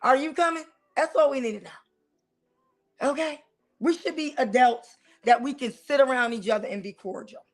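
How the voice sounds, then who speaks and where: High-voiced sassy woman host. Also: normal speed. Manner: sassy, animated, talks straight to the audience. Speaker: talk show host. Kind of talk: casual preaching-style commentary.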